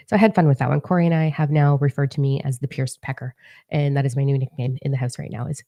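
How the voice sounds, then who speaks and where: A woman's voice: very deep voice, fairly even intonation, fast talker, dark tone, no room sound. A woman in her forties, a spiritual advisor talking casually on her vlog, blunt, profane and playfully mocking.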